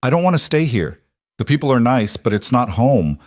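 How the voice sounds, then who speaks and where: A man's voice: mid-range voice, big pitch swings, normal speed, darkish tone, dry recording, clean studio sound, close to an everyday voice. A man voicing a frightened little girl who pleads tearfully for her father. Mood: pleading.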